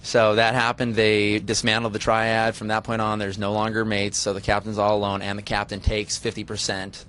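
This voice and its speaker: A young man with a lowish voice recounts his time on a reality show in loose, rambling chat. He pauses and restarts often. A faint noise sits behind him. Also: completely flat delivery, fairly bright tone. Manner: rambling, restarts with many ums. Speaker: reality TV contestant guest. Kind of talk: casual interview chat.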